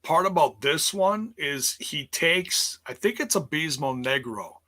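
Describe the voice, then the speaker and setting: Bright-voiced male co-host, chatty. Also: on the high side, animated, unhurried. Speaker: podcast co-host. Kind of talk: casual review chat.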